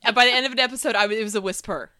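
A woman co-hosting a podcast in casual chat, hoarse and losing her voice, talking with enthusiasm. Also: on the high side, racing, slight background noise. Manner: lively, enthusiastic, animated. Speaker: podcast co-host.

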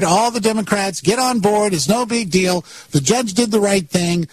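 A man's voice: high voice, normal speed, few pauses, no room sound, poor audio. A man hosting a talk radio show, giving sarcastic political commentary and mocking his opponents with bursts of laughter.

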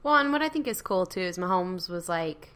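A woman's voice: on the low side, animated, fairly quick, fairly bright tone. A woman around thirty co-hosting a casual podcast, easygoing and wry in her replies. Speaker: podcast co-host. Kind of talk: casual chat.

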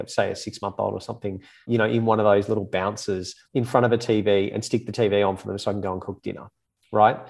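Guy in his 30s breaking down screen time, kinda low voice, chatty and a bit self-deprecating. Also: vocal fry. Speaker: child psychology expert guest. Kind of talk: casual podcast chat.

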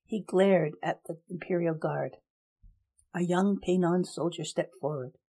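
A woman narrating a story in a steady, even reading. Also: fairly low pitch, unhurried, breathy edge.

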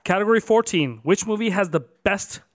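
A man's voice: high voice, lively intonation, normal speed, no echo, clean studio sound. A man co-hosting a casual podcast, announcing numbered categories with extra emphasis and then chatting loosely. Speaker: podcast co-host.

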